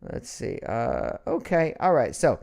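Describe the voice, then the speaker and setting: A man's voice: on the high side, unhurried, vocal fry. A middle-aged man hosting a casual live online show from a home studio, joking and slipping into mock outrage. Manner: animated, jokey, swings into mock outrage. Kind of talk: casual livestream chat.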